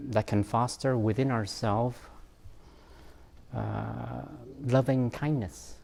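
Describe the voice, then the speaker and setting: Slow, mellow-voiced man talking to parents. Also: on the low side, vocal fry. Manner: slow, reflective, laughs at himself, frequent fillers. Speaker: parenting talk speaker, therapist. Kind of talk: informal talk to parents.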